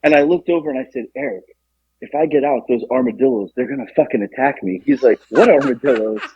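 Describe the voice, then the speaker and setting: A young man co-hosting a podcast, telling a story in a casual, animated way and acting out the quotes. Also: fast talker, vocal fry, breathy edge, no room sound. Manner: animated, acts out quotes with jumps in pitch. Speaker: podcast co-host. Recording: dull lo-fi, dry.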